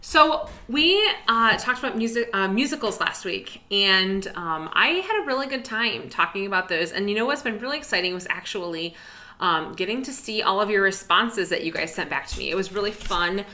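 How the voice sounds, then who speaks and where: A woman's voice: medium pitch, expressive, normal speed, pushed and bright. A young woman teaching an online music lesson to children, chatty and encouraging, with lots of fillers, at her desk. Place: indoors at a desk.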